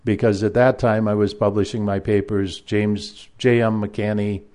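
Man with a mellow, rambling telling. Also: lowish voice, little pitch movement, moderate pace. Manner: rambling, with frequent fillers and restarts. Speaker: former university math lecturer. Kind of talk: casual personal storytelling.

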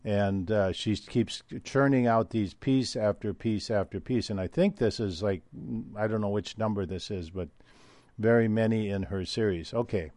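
An older man hosting a solo talk, speaking in a rambling, digressive way with frequent hesitant pauses. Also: fairly low pitch, a little mellow, no room sound.

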